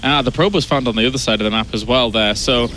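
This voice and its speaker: A man calling the action of a live esports match, trading quick banter with his co-caster. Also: mid-range voice, sharp tone. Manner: play-by-play, upbeat banter with co-caster. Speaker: esports commentator. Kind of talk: live game commentary.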